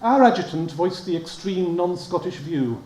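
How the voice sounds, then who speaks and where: Pitched high and animated, with a darkish tone, a man speaks at normal speed during a public history lecture. The recording catches an echoey lecture hall and a faint hum, and he's wry, often laughing at his own asides.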